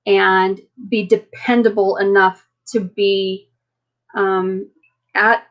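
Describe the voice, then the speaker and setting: A woman hosting a casual live chat, talking in an earnest, halting way and often circling back on herself. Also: mid-range voice, level tone, rough recording. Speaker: livestream host.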